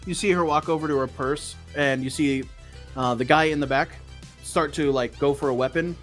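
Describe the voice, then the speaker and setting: A man running a tabletop role-playing game, narrating in a loose, casual way with plenty of swearing and filler words. Faint guitar music plays quietly behind him. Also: a little high, fairly even intonation, normal speed. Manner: casual and profane, full of fillers. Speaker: game master.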